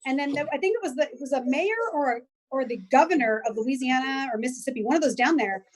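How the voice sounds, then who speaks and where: A woman with a bright, high voice tells her stories with lively energy, often stumbling and restarting. She is chatting over a video call. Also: quick pace, rough recording. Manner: animated storyteller, many restarts and fillers. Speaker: guest. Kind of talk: casual chat.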